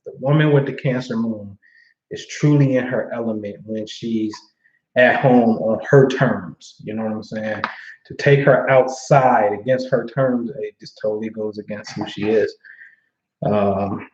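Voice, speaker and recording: A man's voice: lowish voice, steady tone, measured pace, a little mellow, highs cut off. Laid-back slangy man on a roomy stream. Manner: laid-back slangy talk, frequent "you know what I'm saying". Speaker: astrology livestream host. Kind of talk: casual livestream chat reading viewer comments.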